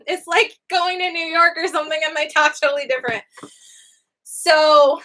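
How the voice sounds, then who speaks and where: A young woman gives a lesson in a high, lively voice, laughing often as she explains. Her tone is bright and clear. She leaps up in pitch whenever she acts out an example phrase. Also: normal speed. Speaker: language teacher. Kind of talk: animated lesson to camera.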